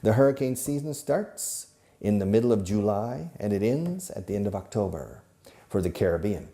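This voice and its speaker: A man's voice: lowish voice, lively intonation, normal speed, mellow. A middle-aged man teaching English to camera, drilling phrases with repetition and dropping in Spanish asides. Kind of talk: filmed English lesson to camera. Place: classroom or studio filmed by a camera operator.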